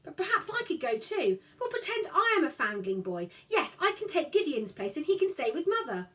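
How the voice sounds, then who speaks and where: A woman reading a story aloud, voicing a kind, protective farm boy who speaks gently and earnestly. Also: high-pitched, big pitch swings, a little fast, distant mic, voice pushed up. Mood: coaxing, earnest.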